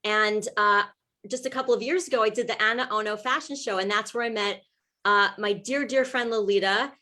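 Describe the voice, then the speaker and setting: A woman's voice: mid-range voice, brisk, pushed and bright. A woman who is a talk show guest and breast cancer advocate, telling her personal story in a chatty, heartfelt way with many fillers and restarts.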